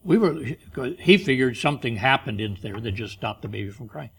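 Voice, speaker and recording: A man preaching a sermon, pressing key phrases slowly and loudly, then dropping quiet for stories. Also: medium pitch, expressive, creaky, husky. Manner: emphatic, slows and rises on key phrases, drops soft for stories.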